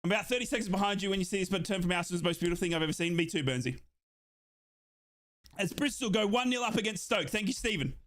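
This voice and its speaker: Young male fan streamer, high bright voice, yelling and breathless, live match watchalong commentary. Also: expressive, fast talker. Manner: shouting, euphoric, breathless bursts.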